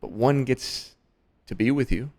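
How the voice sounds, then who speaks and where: A man and father, a podcast guest, speaking reflectively and gently emphatic in casual chat. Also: mid-range voice, unhurried.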